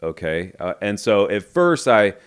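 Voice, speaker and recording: A man's voice: on the low side, sing-song, measured pace, clean tone. A middle-aged man, a podcast guest, candidly retelling a business story and acting out the dialogue. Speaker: entrepreneur guest.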